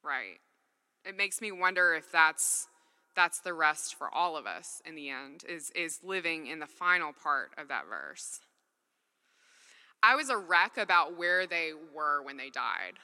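A woman's voice: deep voice, big pitch swings, measured pace, pushed and bright. A woman giving an earnest, conversational faith talk from a stage, full of casual "like" fillers. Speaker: speaker at a faith gathering. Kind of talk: personal testimony talk. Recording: long reverb in a large hall.

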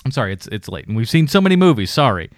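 A man's voice: medium pitch, very animated, racing, dry recording, clean studio sound. A man co-hosting a podcast, casually reviewing films, rambling and swearing, with frequent laughs. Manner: profane, rambling, laughs often. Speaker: podcast co-host. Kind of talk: casual film review chat.

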